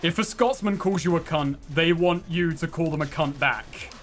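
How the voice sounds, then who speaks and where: A man's voice: on the high side, normal speed, soft background music. Rambling man chatting over a game. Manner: rambling, self-deprecating, laughs at own stories. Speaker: let's play co-host. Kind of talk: casual chat over gameplay.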